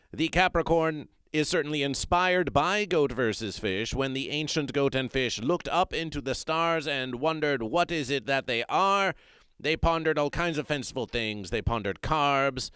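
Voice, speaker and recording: A man's voice: mid-range voice, a bit bright, smooth, no echo, studio quality. A man hosting a comedic livestream, reading the chat and talking about himself in the third person in a stilted, grandiose way, often repeating his phrases.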